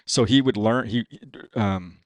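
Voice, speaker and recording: A man's voice: lowish voice, a little slow, no room sound. A man on a podcast telling a long personal story in casual, profane talk, full of "dude" and "you know what I mean.". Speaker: podcast guest.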